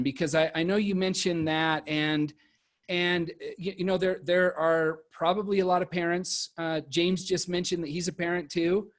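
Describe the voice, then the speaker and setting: Halting, higher-voiced male moderator. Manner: halting, often restarts and repeats words. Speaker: panel moderator. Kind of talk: virtual panel discussion. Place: home, on a video call.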